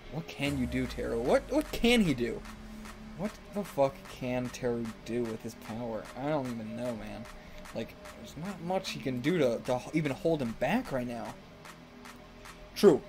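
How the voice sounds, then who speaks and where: A man talks through a manga reading at a middle pitch, swinging between quiet muttering and shouting at the characters. He swears freely and sounds caught up in it. Faint music plays in the background. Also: normal speed. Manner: excitable, swears and shouts at the page. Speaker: anime reaction host. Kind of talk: casual reading reaction.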